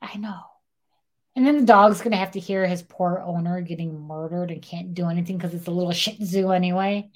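A woman's voice: fairly low pitch, brisk. A young woman co-hosting a podcast, casually retelling a true-crime story and acting out what people said, with a lot of "like". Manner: animated retelling, acts out quotes, frequent "like". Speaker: podcast co-host.

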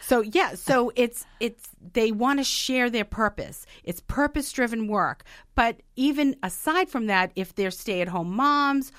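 A woman's voice: on the high side, measured pace, few pauses, fairly bright tone, dry recording, clean studio sound. A woman chatting casually on a talk show, going through points from a list and adding her own stories.

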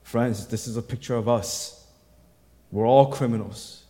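A man's voice: medium pitch, a little slow. Preaching man in an echoing hall. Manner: rises to loud emphatic bursts, then drops quiet; reads scripture aloud, acting out the quoted voices. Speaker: pastor. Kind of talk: sermon. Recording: long hall reverb.

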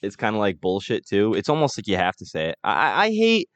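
A man talking casually on a podcast in a lowish voice. He stops and restarts as he works through a thought. The sound is dry, with no room around it. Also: wildly swooping pitch, a bit bright, no echo. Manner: halting, repeats words while thinking. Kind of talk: casual chat.

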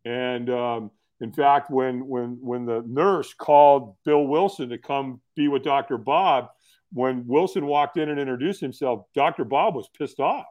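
A man's voice: medium pitch, measured pace, a little mellow. A middle-aged man, telling his story casually as a podcast guest in an earnest, folksy way. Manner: earnest, folksy, repeats words when starting sentences.

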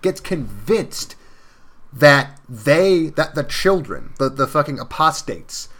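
Brief: man co-hosting a podcast, a bit high, bright and forceful, joking and profane. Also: animated, slow. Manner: joking, profane, acts out characters. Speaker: podcast host. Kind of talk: casual chat.

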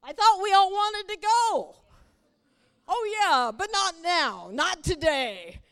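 A woman with a high voice preaches a sermon in a church, teasing the front row and acting out quoted voices. Her manner is playful and lively. A long reverb hangs on her voice, as in a large hall. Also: takes it slowly. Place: church sanctuary.

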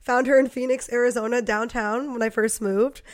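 A young woman co-hosting a podcast, congested with a cold, her voice raspier than usual, chatting casually and cursing freely. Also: a little high, steady tone. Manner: chatty, profane, quick laughs. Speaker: podcast co-host. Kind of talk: casual chat.

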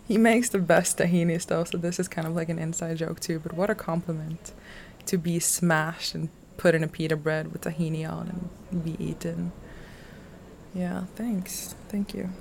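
Low gravelly woman reading her journal. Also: steady tone, slight background noise. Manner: soft and slow, drops into whispers. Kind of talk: intimate journal reading, poetry-like.

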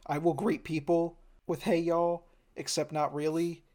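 A man's voice: fairly high pitch, flat delivery, moderate pace, darkish tone. A man co-hosting a podcast, chatting casually and enthusiastically, often repeating a word as he restarts a sentence. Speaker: podcast co-host. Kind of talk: casual chat.

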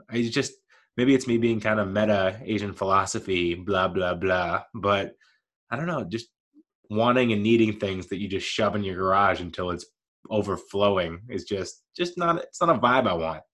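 A man in his thirties rambles through a casual solo monologue with a somewhat low voice. He is gently self-deprecating and keeps laughing at himself. He stays mild and never raises his voice. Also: moderate pace. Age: 30s. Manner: mild-mannered, never yells.

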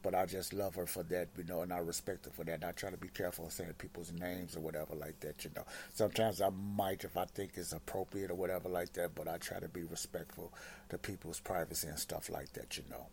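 A man's voice: sits low, little pitch movement, quick pace, creaky, darkish tone, a little hiss or hum. A man hosting a faith encouragement segment in a casual, rambling devotional talk, filling his sentences with "you know.".

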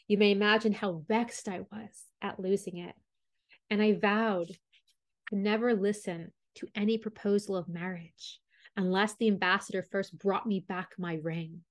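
A woman's voice: mid-range voice, lightly acted. A woman voicing a proud young princess in a storybook reading, speaking in an imperious, demanding way.

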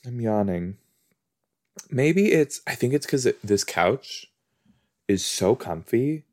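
A man's voice: medium pitch, animated, takes it slowly, darkish tone. A man chatting casually on a couch as he reacts to a TV episode, rambling, easily sidetracked and often breaking into exclamations. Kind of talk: casual watch-along chat. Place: indoors on a couch.

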